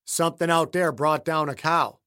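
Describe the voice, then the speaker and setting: A man playing a gruff, curt farmer. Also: on the high side, fairly even intonation, moderate pace, sharp tone. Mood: tense. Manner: curt, profane. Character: gruff rural farmer husband, blunt and curt.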